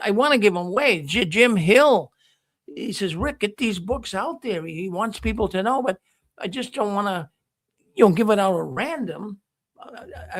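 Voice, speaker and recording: Guy hosting a call-in stream, rambles and restarts a lot, high voice, dry mic. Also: a bit bright, dry recording. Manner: rambling storyteller with many restarts. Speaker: host of a call-in livestream show. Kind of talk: casual live call-in talk.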